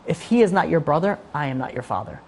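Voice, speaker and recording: A man voicing an old dying father who speaks softly and gravely to his sons. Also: fairly high pitch, sing-song, quick pace, exaggerated voice. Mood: stern. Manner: soft, grave.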